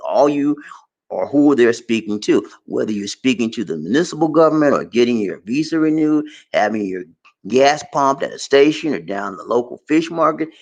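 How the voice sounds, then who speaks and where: An American man giving casual advice in a vlog, telling animated stories and laughing often. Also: mid-range voice. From United States. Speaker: vlogger.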